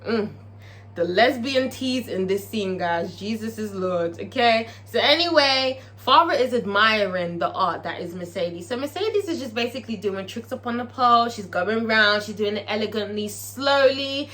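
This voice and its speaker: A woman giving a chatty, animated and profane recap of a TV episode, laughing often. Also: fairly high pitch, moderate pace. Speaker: TV episode reviewer. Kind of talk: casual recap commentary.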